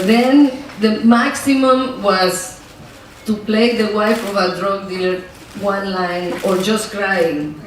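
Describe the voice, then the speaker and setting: A woman's voice: mid-range voice, takes it slowly, a little hiss or hum. Emotional Mexican woman in an echoey room. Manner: emotional, animated, laughs often, repeats words when moved. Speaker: actress interviewee. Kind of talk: candid interview storytelling. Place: film festival interview room. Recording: very echoey room, distant mic, faint ambience.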